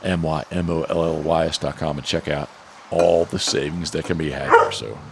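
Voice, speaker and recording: A man's voice: very deep voice, steady tone, moderate pace, background noise. A man hosting a casual podcast, rambling through sponsor reads in an easygoing way. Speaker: podcast host.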